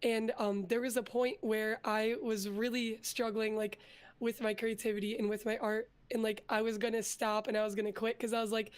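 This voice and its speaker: A woman's voice: on the high side, normal speed, smooth. A young woman, a guest in a casual interview, telling her story earnestly with a lot of filler words. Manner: earnest storytelling, growing more energetic. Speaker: interview guest, vtuber and artist.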